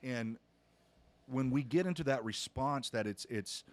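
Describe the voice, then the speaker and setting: A man's voice: medium pitch, unhurried. A middle-aged man, a pastor hosting a podcast, telling a family story earnestly with frequent restarts. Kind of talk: casual podcast conversation.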